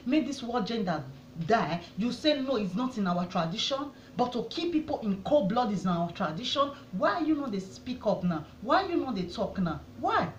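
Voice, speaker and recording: A Nigerian woman vlogger speaks with fierce conviction, pleading and demanding answers. Her voice sits slightly high. The sound is dull and roomy, with a faint hiss underneath. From Edo State, Nigeria. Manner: pleading, indignant, rhetorical questions. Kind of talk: impassioned address to camera. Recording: echoey room, dull sound.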